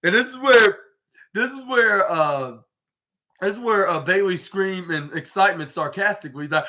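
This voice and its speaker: A man with a bright, slightly high voice talks through a wrestling show recap. He rambles, fills every pause with "like" and restarts his sentences, and slips into quoting the wrestlers as he goes. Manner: rambling, heavy use of "like" and restarts, acts out quotes. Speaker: podcast host.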